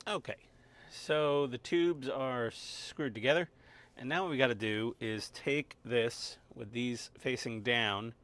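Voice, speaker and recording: A man's voice: medium pitch, a bit bright. A man casually narrating step by step as he builds a model at his home workbench, with wry asides and muttered instructions. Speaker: hobby model-building channel host. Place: home workbench with a dog nearby.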